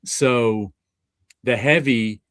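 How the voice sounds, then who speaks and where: A man's voice: mid-range voice, drawn-out words, fairly bright tone, smooth, no room sound, clean studio sound. A man hosting a casual comic book livestream, talking in a rambling way with chuckles and restarts. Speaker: host of a comic book stream.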